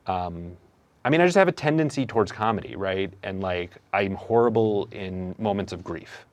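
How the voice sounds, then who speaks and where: Young male comedian-host, low-pitched, thoughtful and halting, casual interview talk. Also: lively intonation. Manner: reflective, hesitant, many fillers and restarts.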